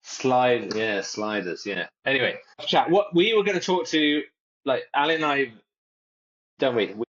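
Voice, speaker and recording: A man's voice: mid-range voice, expressive, a little slow, a bit bright, highs cut off. A man co-hosting a podcast in casual chat, rambling and jokey and mimicking other people's phrases. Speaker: podcast co-host.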